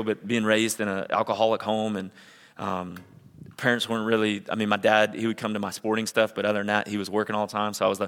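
A middle-aged man from Ohio, a pastor preaching a sermon, telling personal stories in a conversational way that builds to energetic emphasis. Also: medium pitch, in a large hall.

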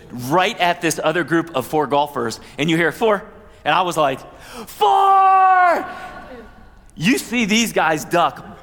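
A man's voice: a little high, fairly bright tone. A man pastor giving a conversational sermon, with asides and playful quoted voices. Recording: long hall reverb.

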